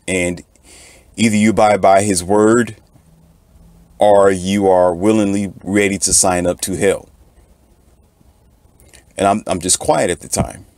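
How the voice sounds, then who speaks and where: Deep-voiced man preaching to his viewers. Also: measured pace, long pauses, a little mellow. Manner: repeats "okay" often, preachy and storytelling. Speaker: channel host. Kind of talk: casual monologue to viewers.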